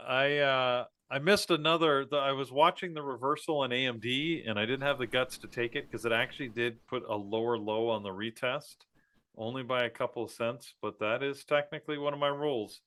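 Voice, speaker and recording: A man's voice: medium pitch, brisk, bright, forceful tone. A man co-hosting a live trading stream, chatting in a rambling way and laughing at his own jokes. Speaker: trading show co-host. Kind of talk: casual live-stream chat.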